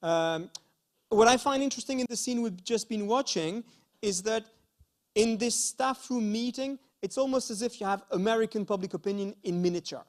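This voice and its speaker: Man with a high voice, french accent, lecturing with lots of uh and okay, middle-aged. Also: moderate pace. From France. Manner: hesitant, many fillers and restarts, checking in with "okay?". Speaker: university lecturer. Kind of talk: conference lecture. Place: school conference hall.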